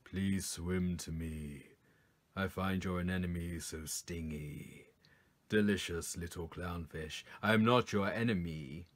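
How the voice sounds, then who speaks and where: A man voicing a big hungry predator fish that coaxes its prey in a slow, menacing way. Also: deep voice, pitched below the performer's own voice. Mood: sweetly menacing.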